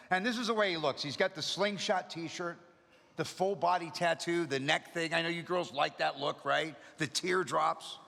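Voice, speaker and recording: Bright-voiced middle-aged man telling his story. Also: on the high side, vocal fry. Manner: energetic, humorous storyteller. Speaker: recovery meeting speaker. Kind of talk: storytelling talk to an audience. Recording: long reverb of a hall.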